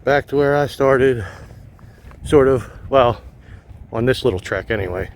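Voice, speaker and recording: A man vlogging while he walks wooded park trails, thinking aloud in a relaxed way with frequent pauses, filmed on a phone held on a gimbal. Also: mid-range voice, creaky, slight background noise. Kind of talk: casual walking narration.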